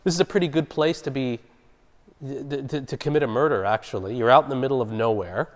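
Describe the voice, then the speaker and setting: A man of ordinary pitch leads a Bible study, explaining the passage in a relaxed, conversational way and stopping to quiz his listeners. His voice rings with the long reverb of a large church hall. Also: a little fast. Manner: conversational, explaining and asking the group questions.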